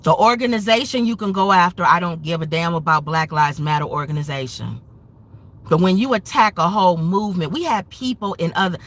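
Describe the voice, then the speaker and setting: A woman's voice: lowish voice, a little fast, fairly bright tone, no room sound. A woman hosting a commentary show, speaking in an impassioned, angry, emphatic rant. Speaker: show host.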